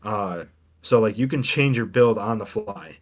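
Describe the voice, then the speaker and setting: On a gaming podcast, a male co-host who reviews game demos chats casually about one, rambling and hesitating with plenty of ums, fillers and restarts. His voice is on the low side and his pace is measured.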